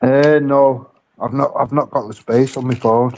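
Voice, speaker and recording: A man's voice: medium pitch, steady tone, unhurried, a little mellow, poor audio. Laid-back man, swearing casually. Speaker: panel guest. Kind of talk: casual live-stream chat.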